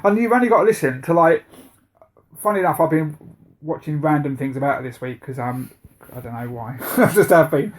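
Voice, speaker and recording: A man's voice: fairly high pitch, brisk. A man co-hosting a podcast in casual, blunt, sweary chat. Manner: sweary, blunt, laughs often. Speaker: podcast co-host.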